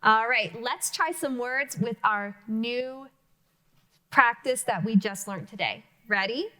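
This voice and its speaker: A woman teacher leading a reading lesson for young children, speaking slowly and clearly with encouragement. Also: a little high, sharp tone. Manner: slow, clearly enunciated, encouraging teacher talk. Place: classroom-style video lesson.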